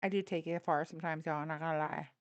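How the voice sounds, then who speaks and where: A woman's voice: sits low, fairly even intonation, quick pace, highs cut off, a crowd in the background. A tired woman from Texas with a Texan accent, hosting a casual political livestream in a blunt, outspoken, slangy way. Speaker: livestream host.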